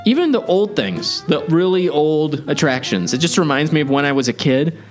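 A man's voice: a little high, expressive, normal speed, faint music behind. A man hosting a theme park podcast, talking in an enthusiastic, rambling, chatty way. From Chicago area. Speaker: podcast host. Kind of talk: casual podcast chat.

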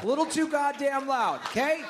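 A man's voice: extremely high pitch, animated, a little fast, noisy background. A man playing an irate middle-aged neighbor who complains in a blustering, swearing way during an improvised comedy bit. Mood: indignant.

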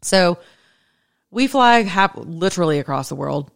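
A woman's voice: fairly low pitch, expressive, unhurried, creaky. A middle-aged woman, hosting a casual commentary monologue, telling stories emphatically with asides and self-interruptions. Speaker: political commentary host.

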